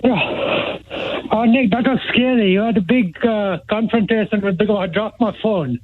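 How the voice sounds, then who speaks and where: A male radio phone-in caller, excitable and insistent, who keeps repeating himself. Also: high-pitched, normal speed, no echo. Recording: tinny phone line.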